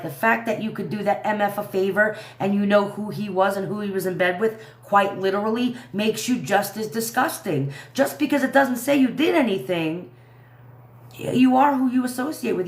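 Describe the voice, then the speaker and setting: A woman's voice: mid-range voice, fairly quick. A woman in her thirties rants to her livestream viewers, indignant and rambling, her voice sitting in the middle of the usual range. The room around her is echoey and gives her voice a hollow ring. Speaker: livestream commentary host. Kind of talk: casual livestream commentary.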